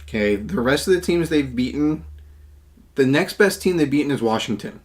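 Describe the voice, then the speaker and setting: A man co-hosting a sports podcast, making his case with confidence and running through his points one by one. His voice has a medium pitch and an easy conversational tone. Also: lively intonation, normal speed. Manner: confident, argumentative, lists points. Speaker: podcast co-host. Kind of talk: casual sports chat.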